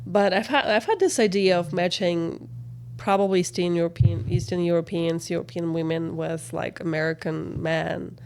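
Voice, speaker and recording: A woman's voice: fairly low pitch, steady tone, normal speed, darkish tone, a little hiss or hum. Russian-accented woman, easygoing podcast guest. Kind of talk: casual chat.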